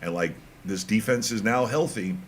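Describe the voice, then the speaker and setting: A man talks sports in a loud, animated way, pushing his points hard and teasing his co-host. Faint noise runs under the recording. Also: lowish voice, moderate pace. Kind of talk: casual sports talk.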